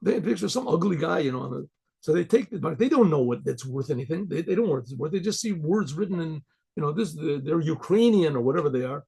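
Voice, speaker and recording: A man's voice: on the high side, animated, fast talker, vocal fry, a little mellow, breathy edge. A male rabbi telling a folk story in a loose, conversational way, restarting his sentences often.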